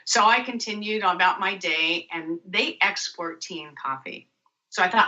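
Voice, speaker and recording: Woman guest spinning a story on talk radio, bright tone, kinda muffled lo-fi sound. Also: on the low side, normal speed. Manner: animated storyteller acting out dialogue. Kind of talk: storytelling interview.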